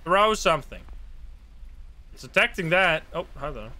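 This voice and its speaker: A man with a somewhat high voice talks at a normal speed, with no echo. He's livestreaming a ghost-hunting game, excitedly commentating on his play, chatting with viewers and swearing a lot.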